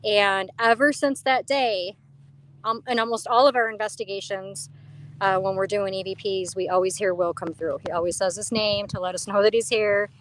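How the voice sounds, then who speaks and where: A woman chatting casually as an interview guest, animated and quoting herself as she tells stories. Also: mid-range voice, moderate pace. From New York. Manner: animated storyteller, quotes herself and others. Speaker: paranormal investigator guest.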